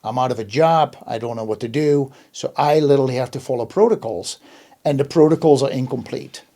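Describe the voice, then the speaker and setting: A man's voice: medium pitch, fairly quick, mellow. A man hosting an interview in casual chat, emphatic and often restarting his words. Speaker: host.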